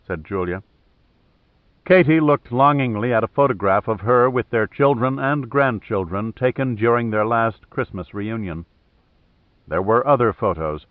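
A man narrating an audiobook in a steady, measured way. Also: mid-range voice, dry recording. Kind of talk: scripted narration. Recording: thin phone-like dry audio.

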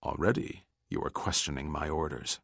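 A man voicing a cold, menacing male pirate leader with a low, rasping voice. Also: normal speed, fairly bright tone, dry recording, studio quality, heavily acted.

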